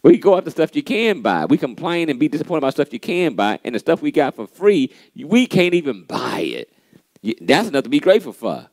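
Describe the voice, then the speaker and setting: A man hosting a motivational church pep talk, animated and preachy, often saying "man" and repeating key lines for emphasis, with a playfully sarcastic edge. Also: fairly high pitch, a little fast, no room sound.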